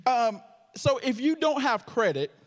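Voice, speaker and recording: A man's voice: very high voice, very animated, unhurried. A man preaching a sermon with a stutter, joking playfully with the congregation. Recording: long hall reverb.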